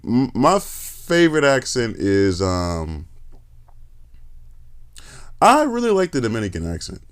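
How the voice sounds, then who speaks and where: A man hosting a podcast in casual chat, telling stories in an animated, joking, profane way. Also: mid-range voice, slow. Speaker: podcast host.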